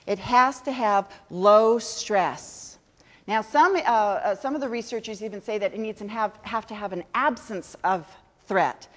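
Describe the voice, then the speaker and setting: A middle-aged woman giving a chatty, self-mocking conference talk to teachers. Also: medium pitch. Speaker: education speaker. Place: large conference hall. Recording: long hall reverb.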